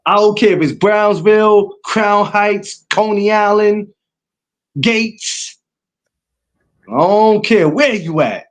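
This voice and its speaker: A man with a New York accent talks in an easy, slangy way, looping back with asides as he tells stories. His voice sits a little high for a man. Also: takes it slowly. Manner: laid-back street slang, storytelling with repeated asides. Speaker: guest. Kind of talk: casual chat.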